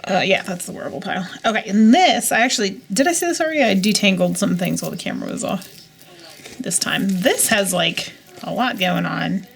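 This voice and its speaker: A woman's voice: mid-range voice, lively intonation, brisk, vocal fry. A woman in her thirties from the United States, chatting casually and rambling as she unboxes jewelry, with muttered asides to herself. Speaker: jewelry reseller vlogger. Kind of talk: casual chat while unboxing.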